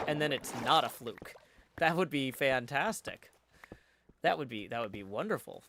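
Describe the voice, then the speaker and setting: Man, live streamer, casual rambling chat, mid pitch, faint background hiss. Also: expressive, normal speed, fairly bright tone. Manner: rambling, reads chat aloud and answers.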